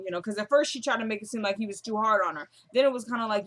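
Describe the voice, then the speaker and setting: A woman's voice: on the high side, fairly bright tone. A woman casually recapping a TV episode, chatty and slangy, briefly acting out the characters' lines. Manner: chatty, acts out characters' lines in quick paraphrase; slangy, fillers like "you feel me". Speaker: TV show recapper.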